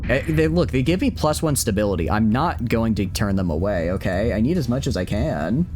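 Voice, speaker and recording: A man's voice: lowish voice, expressive, brisk, darkish tone, soft background music. A man streaming a game who rambles, thinks aloud and answers chat as he plays. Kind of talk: casual live-stream commentary.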